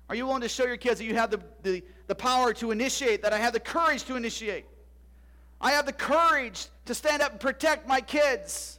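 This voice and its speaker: High-voiced preaching man. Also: a little fast, sharp tone. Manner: rhetorical questions, emphatic preaching, drops to a whisper at times. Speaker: pastor. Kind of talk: sermon.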